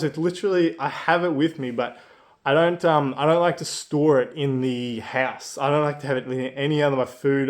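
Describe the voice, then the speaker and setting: A young man telling a casual anecdote in a chatty way, full of asides. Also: mid-range voice. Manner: chatty, lots of fillers and asides. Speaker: storyteller.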